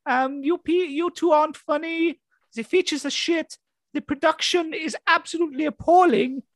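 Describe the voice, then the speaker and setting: A man voicing a female Swedish pop singer in a squeaky, high, giggly put-on voice. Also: fairly even intonation, normal speed, a bit bright, dry recording. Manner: giggly, comically high-pitched.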